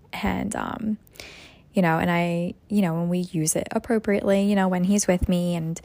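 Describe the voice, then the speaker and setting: A woman's voice: lowish voice, steady tone, normal speed, vocal fry, a little mellow, no room sound. A young woman, a mother hosting her own podcast, talking through her thoughts in a rambling, reflective way with lots of fillers. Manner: rambling, reflective, many "you know" fillers. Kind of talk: casual solo podcast monologue.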